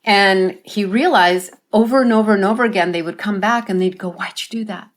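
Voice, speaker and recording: A woman's voice: medium pitch, a little fast. A woman life coach, a guest on an interview show, telling stories earnestly and often ending her points with a tag question. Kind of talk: conversational interview storytelling.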